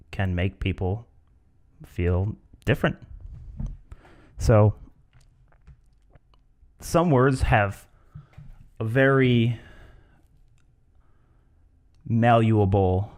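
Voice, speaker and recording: A man's voice: lowish voice, vocal fry. A man hosting a podcast alone, rambling casually and acting out different tones of voice. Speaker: podcast host. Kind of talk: casual solo podcast talk.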